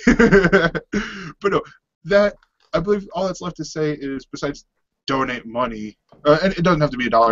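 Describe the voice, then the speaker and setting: A man's voice: fairly high pitch, moderate pace, fairly bright tone. A man co-hosting a casual podcast, rambling and restarting his sentences, laughing easily. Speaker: podcast co-host. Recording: dull lo-fi dry sound.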